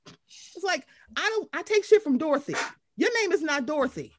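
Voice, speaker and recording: A woman rants through a casual recap chat, her high voice leaping all over its range. She swears freely and acts out the people she quotes. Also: animated, moderate pace, dry recording. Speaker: podcast co-host.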